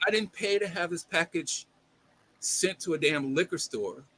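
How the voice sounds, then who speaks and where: A man's voice: a little high, moderate pace, over a noisy crowd. A man in casual chat, talking emphatically and swearing as he complains.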